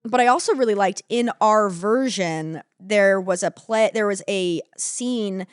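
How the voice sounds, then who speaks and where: A woman's voice: mid-range voice, clear, resonant tone, dry recording, clean studio sound. A young woman co-hosting a comedy podcast, recapping a story in casual, swearing chat and acting out lines. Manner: swearing, animated, acts out characters in quick voices. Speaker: podcast co-host.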